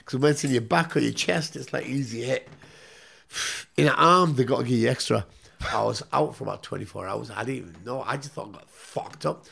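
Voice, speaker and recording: Gravelly man telling a rowdy story. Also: mid-range voice, a little fast, fairly bright tone. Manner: swears constantly, tags lines with "yeah?". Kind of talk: casual profane anecdote.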